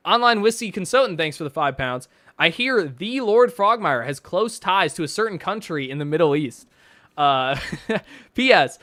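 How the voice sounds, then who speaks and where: A man's voice: a little high, fairly bright tone, no room sound, studio quality. A young man casually chatting on a stream and reading donations, rambling and swearing with frequent laughs and fillers. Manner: rambling, profane, laughs often, many fillers.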